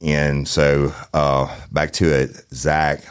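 A man hosting a true-crime podcast from a studio, talking in a folksy, plain-spoken way with drawn-out phrasing. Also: a bass voice, level tone, clean tone, dry recording. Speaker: podcast host.

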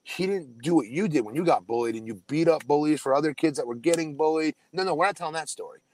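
A man's voice: a little high, fast, a little mellow, slight background noise, poor audio. A middle-aged man co-hosting a casual podcast chat, telling stories about himself with a self-deprecating manner and frequent restarts. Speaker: podcast co-host, former wrestler.

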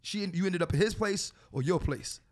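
A man's voice: high voice, normal speed, darkish tone. A man hosting a casual podcast, talking in a profane, preachy and joking way. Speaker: podcast host.

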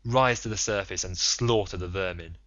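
A man's voice: low-pitched, normal speed, fairly bright tone, muffled recording. A man reading the part of a stern, resolute sea captain in a curt, matter-of-fact way, in an audiobook.

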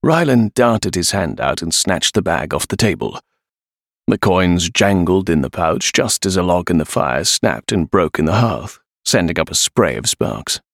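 A man reading an adventure novel aloud with a deep, gravelly voice. His storytelling rises and falls with lively expression, and the recording is close and dry with no room echo. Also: unhurried. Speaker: audiobook narrator. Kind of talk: scripted narration.

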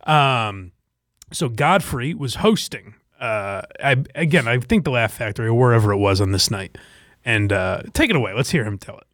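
A man's voice: medium pitch, expressive, normal speed, fairly bright tone, dry recording, studio quality. A man in his forties hosting a podcast, rambling in casual chat with many fillers and laughs. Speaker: podcast host.

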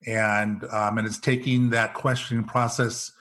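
A man's voice: fairly low pitch, little pitch movement, measured pace, fairly bright tone. A middle-aged man, an executive coach, telling stories in a podcast interview and acting out the dialogue in them. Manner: storyteller, acts out quoted dialogue.

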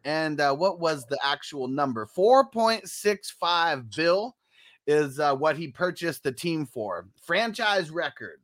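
A man's voice: fairly high pitch, big pitch swings, slow pace, fairly bright tone. A man hosting a casual sports talk show, loose and profane, laughing often between points. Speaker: podcast host.

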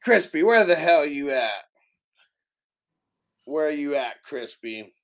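A man's voice: on the high side, sing-song, slow pace, gravelly. A man hosting a casual fantasy draft show, easygoing, laughing often and reading out chat comments. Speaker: podcast host running a fantasy draft.

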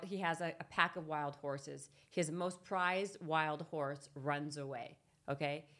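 A woman on a podcast telling a parable in a casual, animated way, with many restarts. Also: low-pitched. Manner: animated, restarts often, laughs a lot. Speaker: podcast guest. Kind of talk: casual storytelling.

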